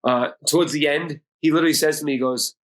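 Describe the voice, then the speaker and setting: A man's voice: on the high side, fairly even intonation, fast. A middle-aged man from Boston, a podcast guest telling a personal story bluntly with heavy swearing. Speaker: podcast guest, music producer and DJ.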